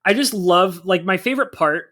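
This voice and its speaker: A man hosting a podcast, chatting casually in an excitable, rambling way. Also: sits high. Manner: excitable, rambling, quick to laugh. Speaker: podcast host.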